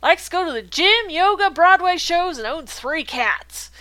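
A woman's voice: very high-pitched, expressive, measured pace, bright, forceful tone. A woman co-hosting a comedy podcast, reading forum profiles with wry, self-deprecating asides.

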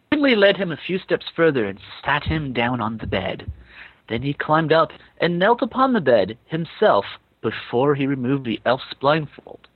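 A man's voice: mid-range voice, very animated, unhurried, husky, dry recording, highs cut off. A man reading fan fiction aloud for comedy, breaking off now and then to laugh and comment.

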